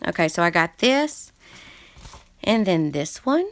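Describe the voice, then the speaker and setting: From her book-filled craft room, a crafting channel host runs a casual livestream, greeting viewers and reading their chats aloud while chatting in a scattered way. Her voice is on the low side and sing-song, her pace a little slow, and the recording dry.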